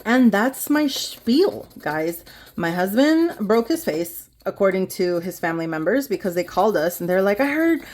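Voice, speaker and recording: A woman's voice: mid-range voice, lively intonation, normal speed, a little mellow. A woman in her thirties, a budgeting vlogger, chatting casually to her viewers while she counts cash into envelopes. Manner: rambling, chatty, talks straight to viewers, counts bills aloud.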